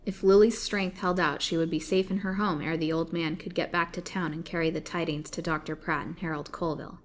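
A woman reading an old serialized novel aloud, expressive and dramatic. Her voice sits on the low side for a woman. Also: fairly quick. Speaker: storyteller.

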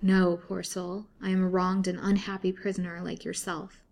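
A woman voicing a gentle, earnest young woman held captive, in a storybook reading. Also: lowish voice, level tone, moderate pace, vocal fry.

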